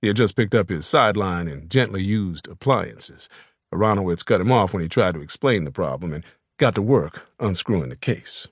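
A man narrating an audiobook in a measured, even storytelling manner. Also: low voice, slightly rough, no room sound, studio quality. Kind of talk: scripted narration.

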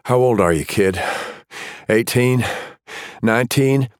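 A man's voice: mid-range voice, slow, dry recording, pitched above the performer's own voice, close to an everyday voice. A man doing a blunt, steely cop. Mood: stern. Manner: curt, commanding, dry. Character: tough male police officer, calm and blunt.

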